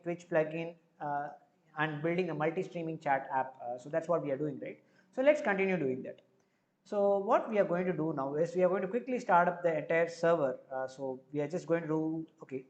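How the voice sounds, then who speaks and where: Give me a man with an Indian accent walking through code step by step on a stream, his voice pitched a little high. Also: brisk, lo-fi sound. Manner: thinks aloud step by step, with frequent filler words. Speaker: live-coding streamer. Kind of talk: live coding tutorial.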